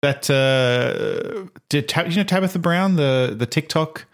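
A man's voice: a little high, a little slow. A man co-hosting a podcast, rambling and cutting himself off as he chats. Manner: rambling, self-interrupting, laughs often. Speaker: podcast co-host. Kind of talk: casual chat.

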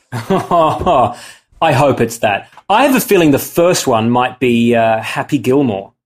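A man's voice: mid-range voice, expressive, takes it slowly. Playful laughing man on a podcast. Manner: playful, laughs a lot, tells stories eagerly. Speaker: podcast co-host and quiz contestant. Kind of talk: casual podcast chat.

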